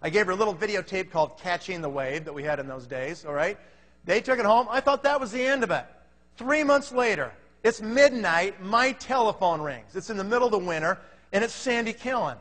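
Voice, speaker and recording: A man's voice: high-pitched, lively intonation, brisk, fairly bright tone. A man giving a motivational talk to a conference audience, telling stories energetically and checking in with the crowd as he goes. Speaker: company leader speaking at a business conference. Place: large conference hall before a live audience. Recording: reverberant large hall.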